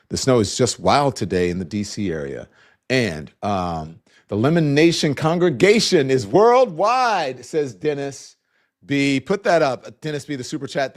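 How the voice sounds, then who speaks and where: A middle-aged man hosting a live online news talk show, loose and conversational, greeting viewers and breaking off to talk to his staff. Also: mid-range voice. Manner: loose and conversational, with frequent restarts and asides to staff. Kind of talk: live-stream news commentary with viewer shout-outs.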